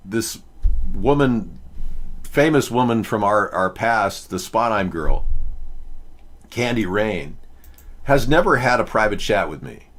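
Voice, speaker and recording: A man's voice: mid-range voice, a bit bright. A man hosting a live video chat show, rambling casually with many fillers and restarts. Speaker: host.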